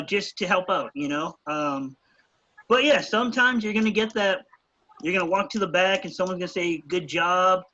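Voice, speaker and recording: A man's voice: high voice, pushed and bright, lo-fi sound. A man with an American accent, a wrestling coach giving laid-back advice to students. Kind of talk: casual talk to students.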